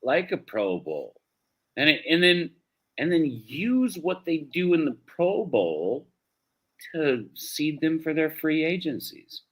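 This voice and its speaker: Lively, profane bro talking football. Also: male voice, a little high, slow pace. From United States. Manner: loose and profane, calls people dude and bro. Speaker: co-host. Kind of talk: casual sports talk show chat.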